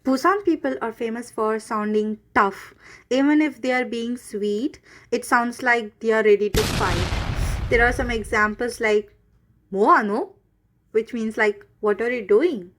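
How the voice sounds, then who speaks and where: Woman explaining korean dialects, talks kinda high, lots of "like" and little pauses. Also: fairly even intonation. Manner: chatty, full of "like" and pauses; switches into quick Korean example phrases. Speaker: language video host. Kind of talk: casual explainer.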